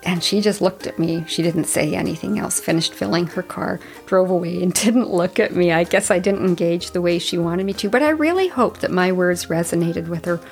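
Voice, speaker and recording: A woman in her late fifties hosting a podcast, telling a story in an earnest, chatty way and giving gentle advice. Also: on the low side, a little fast, vocal fry, hardly any pauses, faint music behind. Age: 50s. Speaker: podcast host. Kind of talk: reflective solo storytelling.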